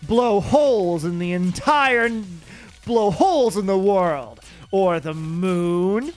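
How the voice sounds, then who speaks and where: A man voicing a calm ex-Soviet male scientist, speaking low, soft and slow in a deadpan way. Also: faint music behind. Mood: ominous.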